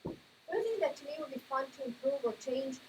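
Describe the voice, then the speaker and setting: An encouraging woman instructor giving a classroom critique in a somewhat high voice. She keeps asking whether her ideas make sense. A faint hiss runs under the recording. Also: fast talker, darkish tone, poor audio. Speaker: art instructor.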